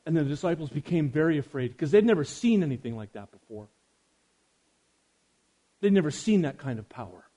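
A man preaching a sermon, swinging from loud emphasis to hushed quiet and speaking straight to his listeners. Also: a little high, animated, fairly quick, long pauses. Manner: addresses listeners directly.

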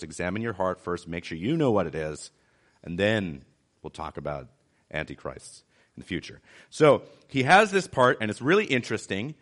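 A man's voice: on the low side, a bit bright. A man giving a conversational sermon as a church pastor, driving his points home by repeating them. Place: city church.

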